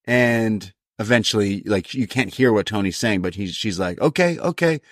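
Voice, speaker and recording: A man's voice: lowish voice, moderate pace, no room sound, clean studio sound. A man co-hosting a podcast review, animatedly retelling scenes and slipping into put-on voices for the characters. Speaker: podcast co-host. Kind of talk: casual review chat.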